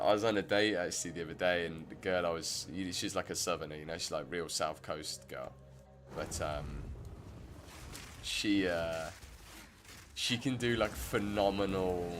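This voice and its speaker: A man giving rambling, chatty commentary while streaming a game. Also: low-pitched. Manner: rambling, self-interrupting, chatty. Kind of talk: casual gameplay commentary.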